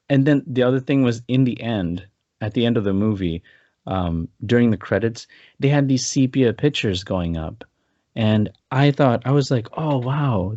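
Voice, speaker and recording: A podcast co-host with a mid-range voice tells a story in casual chat, laughing and acting out what people said with animated energy. The recording is muffled but has no echo.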